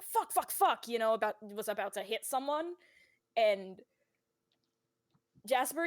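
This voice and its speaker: In a studio-quality recording with no room sound, a woman with a slightly high voice narrates a tabletop role-playing game as game master. She talks casually and swears, packing her lines with fillers like "like" and "you know."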